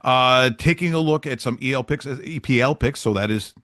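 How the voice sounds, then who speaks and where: A man's voice: mid-range voice, brisk, a bit bright, no echo, studio quality. A man hosting a sports betting show, giving casual picks in a chatty, joking way with loose asides.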